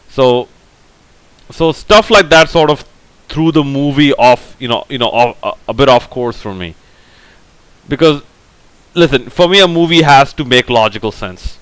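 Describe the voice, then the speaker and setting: A man's voice: mid-range voice, animated, a little slow, long pauses, a bit bright, clear, resonant tone, no room sound, rough recording. A man giving a casual, opinionated movie review, rambling and full of fillers. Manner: rambling, heavy on fillers like "like, you know"; blunt, opinionated. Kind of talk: casual film review monologue.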